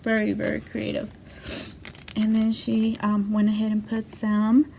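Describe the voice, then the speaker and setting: A woman's voice: a little high, fairly even intonation, unhurried, creaky, darkish tone, a little hiss or hum. A woman hosting a craft channel, chatting casually as she unboxes a package, gushing and effusive, with frequent "you know" fillers.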